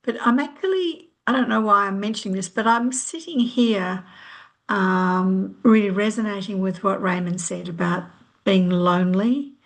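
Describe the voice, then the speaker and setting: A woman's voice: medium pitch, normal speed. A middle-aged woman, a healer, sharing reflectively on a video call in a hesitant way with many ums. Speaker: healer, workshop participant. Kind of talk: casual sharing.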